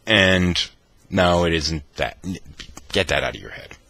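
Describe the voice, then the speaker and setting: A man vlogging, telling a wry personal anecdote in an animated, mock-dramatic way. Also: sits low, measured pace, vocal fry, no echo. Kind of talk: anecdotal storytelling.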